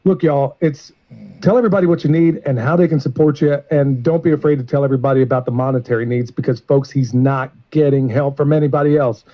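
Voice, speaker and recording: A man's voice: medium pitch, steady tone, quick pace. A man hosting a show, chatting in a laid-back, effusive way and calling his guest bro. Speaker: podcast host. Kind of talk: casual chat. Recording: dull lo-fi recording.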